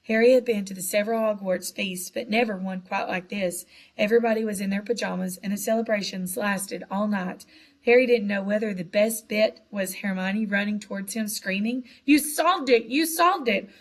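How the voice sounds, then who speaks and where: A woman narrating a children's novel with a lively, expressive reading. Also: medium pitch, fairly quick. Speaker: audiobook narrator. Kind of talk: storybook narration.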